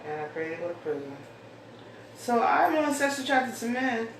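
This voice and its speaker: A woman's voice: on the high side, sing-song, moderate pace. Rambling woman in a very echoey room. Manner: rambling, chatty, thinks aloud. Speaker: host. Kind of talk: casual solo chat, reading out mail. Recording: echoey room, far from mic, faint hiss.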